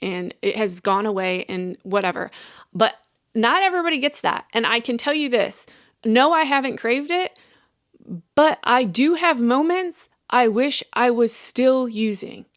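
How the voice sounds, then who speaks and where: Woman, young adult, podcast host, earnest, rambling, candid chat, fairly high voice. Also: expressive, measured pace, no room sound, clean studio sound. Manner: earnest, rambling with restarts and quoted self-talk. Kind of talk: candid personal talk.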